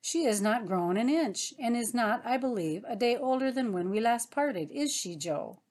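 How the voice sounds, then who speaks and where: A woman reading the part of a playful, affectionate grown brother, voiced a little higher than her narration. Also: lively intonation. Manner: teasing, warm, brisk.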